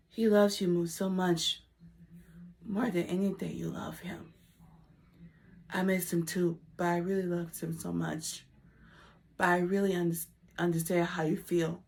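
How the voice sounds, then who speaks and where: A woman talking to camera in a personal vlog, halting and emotional, with simple, repetitive phrasing that often sinks to a soft whisper. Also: fairly low pitch, creaky. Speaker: vlogger.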